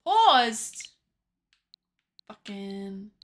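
A woman's voice: medium pitch, very animated, very slow, a bit bright. A woman streamer chatting casually to her viewers while gaming, swearing freely.

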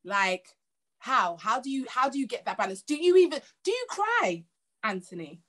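A woman hosts a relaxed chat. Her voice sits high, and she talks with animated, expressive energy. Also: moderate pace. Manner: animated, acts out quoted conversations. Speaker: host. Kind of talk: casual chat.

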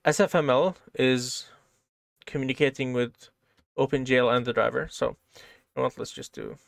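A man's voice: medium pitch, fairly even intonation, normal speed, creaky, dry recording, clean studio sound. A man teaching programming in a casual, step-by-step way, often checking in with "right?". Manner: casual, explains step by step, keeps asking "right?". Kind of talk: screen-share coding lesson.

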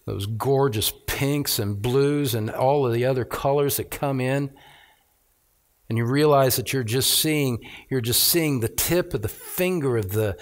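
Reading scripture during a sermon, a middle-aged man with a medium-pitched voice lingers on phrases and builds emphasis on the important words. He speaks as a pastor.

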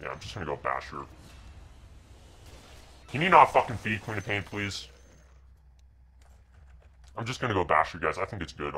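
Young guy streaming, swears nonstop, bossy, yells at his team then grumbles low. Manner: profane, shouting orders at teammates; muttered asides to stream viewers. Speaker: game streamer. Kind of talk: live gameplay commentary.

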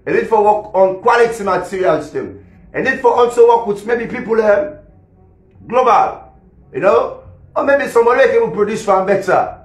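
A man's voice: high voice, expressive, normal speed. Man, Sierra Leonean Krio accent, rambling live-stream monologue; raised voice, reverberant room. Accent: Sierra Leonean Krio English. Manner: rambling, repetitive, laughs between lines. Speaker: musician and social media personality. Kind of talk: casual live-stream rant. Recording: echoey room.

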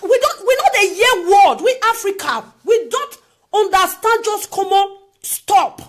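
A woman's voice: very high-pitched, very animated, unhurried, a bit bright. A Nigerian woman giving an impassioned opinion monologue to camera, emphatic and repetitive, piling up rhetorical questions. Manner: emphatic, repeats phrases, piles up rhetorical questions. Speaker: vlogger.

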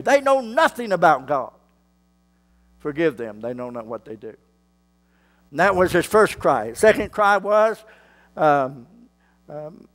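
A male pastor, preaching a sermon slowly and building to fervent shouts. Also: sits high.

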